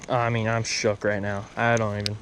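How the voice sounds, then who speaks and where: A young man hosting a fishing vlog, excitable and flustered as he talks to his viewers outdoors. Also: lowish voice, normal speed. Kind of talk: casual fishing vlog talk. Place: outdoors by the water. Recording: noisy outdoor recording with wind.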